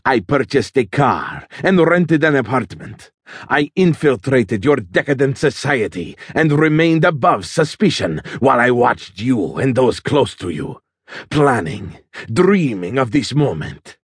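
A man voicing a proud, menacing young male terrorist with a Dari accent, speaking slowly and quietly. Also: mid-range voice, big pitch swings, slightly rough, no room sound, studio quality, full character voice. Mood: cold, proud.

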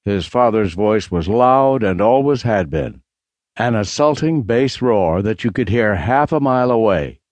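A man narrating a mystery audiobook in a steady, measured read. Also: on the low side, dry recording. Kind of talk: scripted narration.

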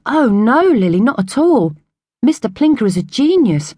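An earnest, gentle orphan boy from a storybook, voiced by a woman narrator, confiding and a touch higher than her own reading voice. The sound is dry and close, with no echo. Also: very animated, moderate pace.

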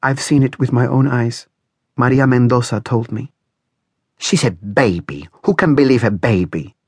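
A man's voice: medium pitch, moderate pace, slightly rough, dry recording, clean studio sound, close to an everyday voice. A man voicing a harsh, bitter female servant who mutters and hisses threats. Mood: snapping.

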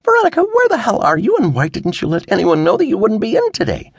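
A man's voice: sits high, huge pitch swings, fast, breathy edge, dry recording, voice pushed up, exaggerated voice. A man doing a worried father, urgent and exasperated. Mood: agitated.

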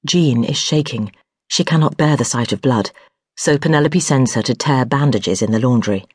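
A woman narrating a historical novel for an audiobook, reading in a measured, unhurried way. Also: rumbling low, darkish tone, slightly rough, no room sound, clean studio sound.

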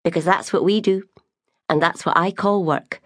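A restless young maid, put on by a woman narrator, talks in a soft, wistful way. Her voice sits slightly low and sounds close and dry. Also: steady tone, normal speed, no echo, natural voice. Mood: teasing.

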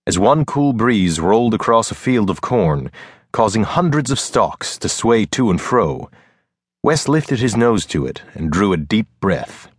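A man narrating an audiobook in a steady, measured storytelling manner. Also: fairly low pitch, husky, no echo, studio quality. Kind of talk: scripted narration.

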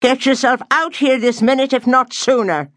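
A woman voicing a commanding older Irish grandmother, brisk and scolding, in an audiobook. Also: fairly high pitch, animated, fairly bright tone, dry recording, clean studio sound, pitched above the performer's own voice. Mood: bellowing. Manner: brisk, scolding, full of authority.

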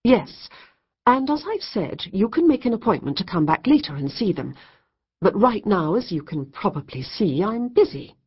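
A woman's voice: medium pitch, sing-song, normal speed, slightly rough, highs cut off, voice pushed up. A woman voicing a cross, flustered young woman painter in an audiobook. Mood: indignant. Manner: indignant, flustered.

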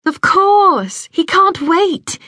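A woman narrator voicing a young woman who is a caring, cheerful big sister, bright and reassuring in tone. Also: on the high side, moderate pace, dry recording, studio quality.

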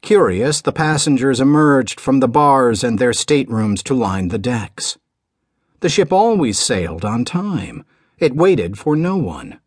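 A man narrating an audiobook in a measured, dramatic storytelling delivery. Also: medium pitch, no room sound, clean studio sound.

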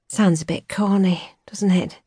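A woman's voice: fairly low pitch, steady tone, dark tone, slightly rough, dry recording. A woman narrator voicing a young Yorkshire woman, earnest and teasing, in an audiobook. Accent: soft Yorkshire. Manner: teasing, idealistic, quick to mock. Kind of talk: audiobook character voice. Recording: dry studio recording.

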